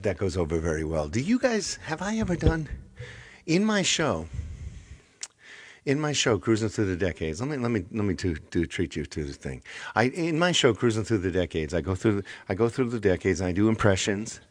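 Hosting a casual livestream as its singer, a deep-voiced, low-pitched middle-aged man chats with his viewers. He frequently trips over words and restarts, and wags a mock-stern finger at people who shout requests.

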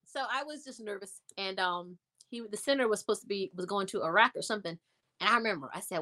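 A woman telling a story in a casual interview, animated and acting out the voices of people she quotes. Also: medium pitch, quick pace. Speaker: interview guest.

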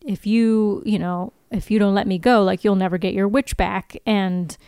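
Animated woman recapping a show. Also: medium pitch, normal speed, smooth, no room sound, studio quality. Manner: animated, laughs often, acts out quotes from scenes. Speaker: podcast co-host. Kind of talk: casual chat, recapping episodes.

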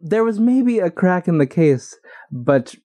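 This man speaks a little higher than most men, and his pitch jumps all over as he tells a story. He is co-hosting a relaxed podcast chat, animated and quick to laugh. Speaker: podcast co-host. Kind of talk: casual chat.

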